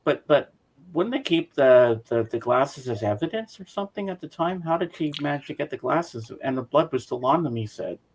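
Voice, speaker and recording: A man's voice: on the high side, expressive, normal speed, few pauses, rough recording. A man in a casual group chat who tells stories earnestly and from the heart. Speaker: chat guest.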